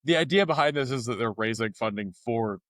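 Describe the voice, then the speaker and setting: A man, a journalist co-hosting a local news podcast, chats casually about the news in a relaxed, joking way, slipping into quick, animated silly voice impressions. His voice is medium-pitched, sitting in a middle register. The sound is dry and close, with no room sound.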